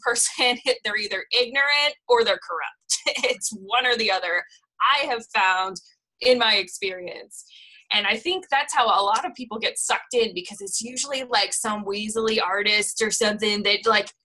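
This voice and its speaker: A woman's voice: medium pitch, sharp tone, low-quality recording. A woman co-hosting a podcast in casual chat, speaking bluntly and wryly with emphasis. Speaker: podcast co-host.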